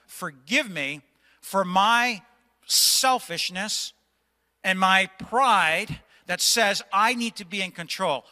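Stern pastor in a reverberant hall. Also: male voice, high voice, sharp tone. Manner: stern, exhorting, raises his voice. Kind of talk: sermon. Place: church sanctuary.

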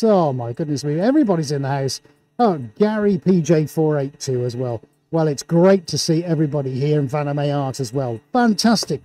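Hyped man hosting an art livestream. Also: on the high side. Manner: hyped, showman-like, reading out viewer shout-outs. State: talking through a face mask. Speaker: livestream host and painter. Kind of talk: excited live-stream commentary. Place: indoor art studio.

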